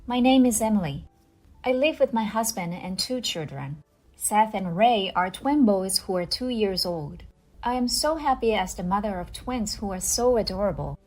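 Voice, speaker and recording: Female first-person narrator, even and measured. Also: medium pitch, faint music behind.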